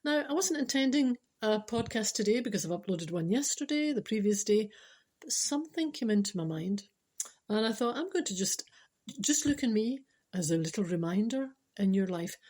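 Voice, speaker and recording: Husky-voiced Scottish woman, wry storyteller. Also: on the high side, expressive, normal speed, darkish tone. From Scotland. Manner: wry and sarcastic, with playful asides. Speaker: podcast host. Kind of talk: casual storytelling monologue.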